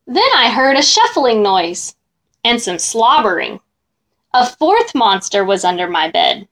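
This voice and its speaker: A woman reading a children's story aloud in an expressive, animated way. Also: a little high, a little slow.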